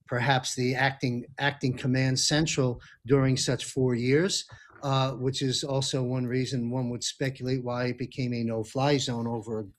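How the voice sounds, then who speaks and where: Male host, mid pitch, halting delivery, wrapping up panel. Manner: halting, many fillers and restarts. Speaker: show host. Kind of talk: hosting a panel discussion.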